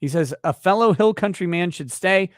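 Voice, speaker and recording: A male livestream host reads out viewer messages in a loose, joking manner, tossing in wry asides. His voice sits a bit high for a man, and the sound is dry and close. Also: lively intonation, moderate pace, no room sound. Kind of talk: casual livestream chat reading comments.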